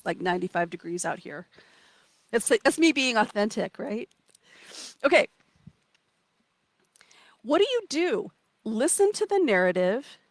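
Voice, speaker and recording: A woman's voice: mid-range voice, no room sound. A woman coaching a live online session from outdoors, playful and encouraging, reading out comments and acting out inner voices. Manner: warm, playful, reads out chat comments.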